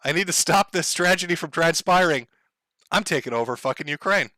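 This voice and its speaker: A man's voice: fairly high pitch, expressive, brisk, pushed and bright, dry recording. A man doing a profane, furious world leader. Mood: defiant, furious. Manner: profane, blustering tirade. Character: furious older male world leader, defiant.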